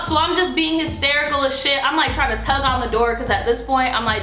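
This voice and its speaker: A woman's voice: high-pitched, fairly quick, few pauses, bright, forceful tone. A young woman vlogger telling a personal story in a blunt, profane, casual way, acting out what was said. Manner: blunt and profane, acting out quoted lines with rising emotion. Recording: echoey room with faint music.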